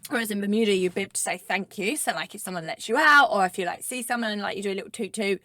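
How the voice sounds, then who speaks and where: A woman's voice: medium pitch, fast, pushed and bright, dry recording. A woman in her thirties from England with an Essex accent, co-hosting a podcast in a chatty, filler-heavy way. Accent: Essex English. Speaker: podcast co-host. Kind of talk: casual chat.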